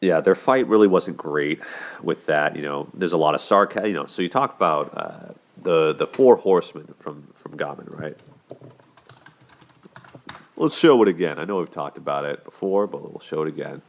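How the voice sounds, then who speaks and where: A man's voice: expressive, normal speed, vocal fry. A man hosting a casual relationship commentary, talking conversationally and acting out quoted lines. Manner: conversational, acts out quotes in higher voices. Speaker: host of a relationship commentary show.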